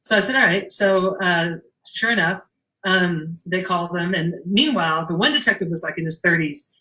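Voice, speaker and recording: Speaking at normal speed with a lowish voice, a middle-aged woman who owns a shop recounts an anecdote in a casual interview. She is an animated storyteller, acting out the dialogue and laughing often, though the recording quality is low.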